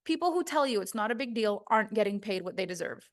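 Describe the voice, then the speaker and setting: A woman's voice: mid-range voice, fast talker. A woman voice coach giving a recorded course lesson, talking emphatically and acting out quoted voices.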